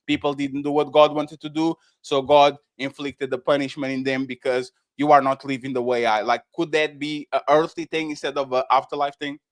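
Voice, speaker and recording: New York-accented male host; rambling, casual questions at mid pitch. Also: level tone, fairly quick, few pauses. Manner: rambling, loose questions full of "like" and restarts. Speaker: podcast host. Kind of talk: casual panel discussion. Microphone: streamed podcast mic.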